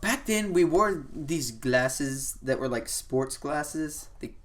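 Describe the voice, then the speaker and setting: A man's voice: on the high side, lively intonation, slow, a bit bright. A young man hosting a podcast, telling a long casual anecdote, loose and rambling, with lots of "like" and "you know". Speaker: podcast host. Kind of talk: casual storytelling chat.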